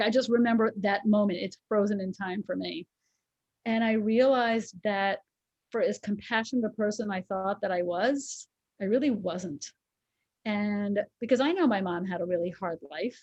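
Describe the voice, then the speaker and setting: A woman's voice: mid-range voice, darkish tone, dry recording, lo-fi sound. A woman in her forties, co-hosting a casual chat and telling a personal story in a candid, emotional way. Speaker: co-host.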